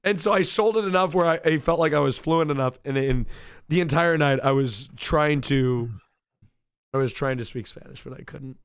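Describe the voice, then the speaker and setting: A man from Oregon telling a playful, animated story in casual podcast chat. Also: on the high side, normal speed, smooth.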